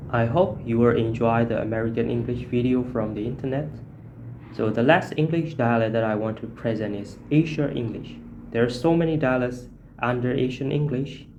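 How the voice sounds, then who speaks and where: A man giving a class presentation, hesitant and full of fillers, slowly reading out example lines. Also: medium pitch, darkish tone, highs cut off. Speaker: student presenter. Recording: noisy background.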